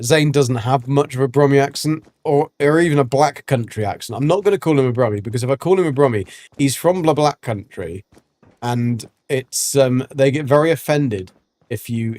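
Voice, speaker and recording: A man's voice: medium pitch, moderate pace, darkish tone, no echo. A man giving casual, rambling gameplay commentary as a streamer, full of ums and restarts. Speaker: gaming streamer.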